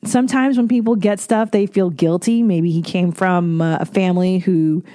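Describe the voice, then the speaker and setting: Woman, middle-aged, podcast host, low voice, rambling, profane, blunt, dry close sound. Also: fairly even intonation, moderate pace, mellow, dry recording. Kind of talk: casual solo podcast talk.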